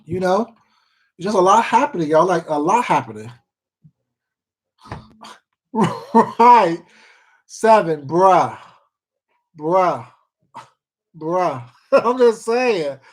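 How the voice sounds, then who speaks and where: An animated, medium-pitched voice speaks slowly with long pauses. The livestream host chats casually over viewer comments, rambling through profane gossip with many repeats and fillers and addressing people as baby and sweetheart.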